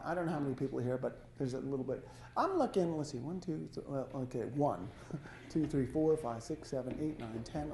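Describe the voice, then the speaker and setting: Halting male life coach in an echoey hall. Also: on the high side, gravelly, mellow, a little hiss or hum. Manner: halting, self-correcting, conversational. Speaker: life coach giving a talk. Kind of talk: live talk to a small audience. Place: lodge hall.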